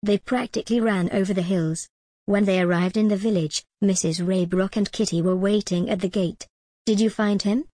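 A woman narrating a simple storybook in a plain, measured way. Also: mid-range voice, fairly even intonation, mellow, no echo, clean studio sound.

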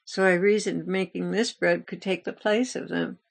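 A woman's voice: fairly low pitch, steady tone, moderate pace, creaky, breathy edge. A woman hosting a ministry channel, telling a story in an earnest, confessional way as part of a devotional message. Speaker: ministry host.

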